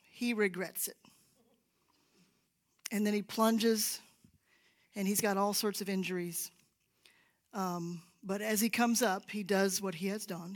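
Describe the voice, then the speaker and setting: A woman giving a sermon-style talk in church, telling stories and sometimes dropping to a whisper for emphasis. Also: medium pitch. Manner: storytelling, drops to a whisper for emphasis. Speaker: church speaker. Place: church sanctuary.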